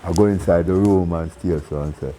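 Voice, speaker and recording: A man with a Jamaican accent, a reggae singer telling stories in a casual interview. He is animated, acting out the voices of people in his stories and laughing often. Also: low-pitched, a little fast, a little hiss or hum, poor audio. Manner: animated storyteller who acts out quoted voices and laughs often.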